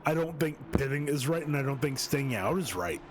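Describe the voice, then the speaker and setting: A man commentating a sim race in a casual way, laughing and thinking out loud, with hiccups. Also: mid-range voice, brisk, noisy background. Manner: relaxed, laughing, thinking aloud with restarts.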